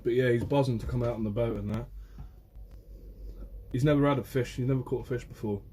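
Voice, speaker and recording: A man's voice: medium pitch, fairly quick, warm tone, a little hiss or hum. Chatty fisherman streaming live by phone. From Guernsey. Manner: chatty, answers viewers' comments by name. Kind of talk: casual live stream chat. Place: outdoors by the shore.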